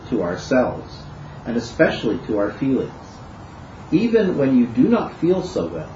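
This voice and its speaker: A man reading a Zen text aloud in a calm, measured way. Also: medium pitch, slight background noise. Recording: lo-fi, roomy recording.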